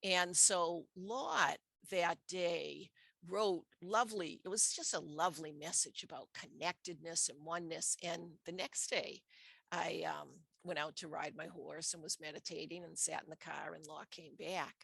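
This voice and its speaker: A woman's voice: low-pitched, steady tone, a little slow, creaky, a bit bright, breathy edge, no echo. A middle-aged woman from the United States telling a personal story in a casual interview, acting out her own reactions as she goes. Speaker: podcast guest.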